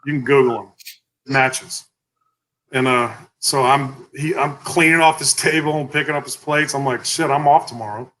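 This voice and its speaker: A man's voice: mid-range voice, normal speed, slight background noise, poor audio. A man, a company founder telling stories in a casual interview, salty and full of "like" and "you know". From Texas. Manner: animated storyteller, salty, lots of 'like' and 'you know'.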